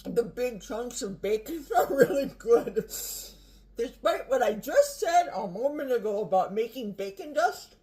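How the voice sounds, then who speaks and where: Animated older woman, slow and lively. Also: on the high side. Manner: animated, chatty, talks with mouth full. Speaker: food vlogger. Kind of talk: casual cooking vlog with tasting.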